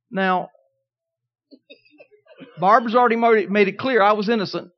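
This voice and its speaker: A man preaching a sermon, telling a personal story in a folksy way, swinging from quiet asides to emphatic declarations. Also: high voice, normal speed, pauses often, dull audio. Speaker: pastor.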